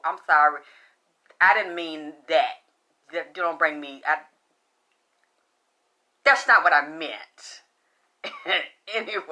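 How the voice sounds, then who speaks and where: A middle-aged woman talks loosely and bluntly, full of profanity and restarts as she rambles along. Her voice is bright and forceful, at an ordinary pitch for a woman. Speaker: spiritual talk show host. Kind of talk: casual profane monologue.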